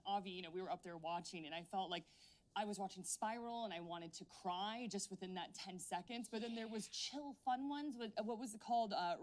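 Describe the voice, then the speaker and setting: A woman hosting a games livestream, chatting with a panel in a bubbly, playful way. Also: medium pitch. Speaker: show host. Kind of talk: casual panel chat on a livestream.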